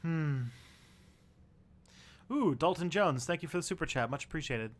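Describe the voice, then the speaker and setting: A man's voice: on the high side, expressive, moderate pace. A man hosting a casual live stream, chatting in a rambling, easygoing way to his viewers. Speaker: livestream host.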